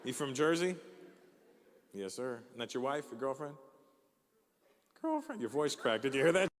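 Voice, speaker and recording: A man's voice: mid-range voice, brisk, in a large hall, slight background noise. A male stand-up comedian from Canada doing crowd work on stage, firing teasing, profane questions at the audience.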